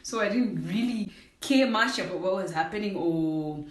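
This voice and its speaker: Her voice is on the low side and moves at a moderate pace, picked up far from the mic with a roomy echo. She's a young vlogger from Zimbabwe telling her viewers a casual storytime, acting out the voices and addressing them as "guys" again and again.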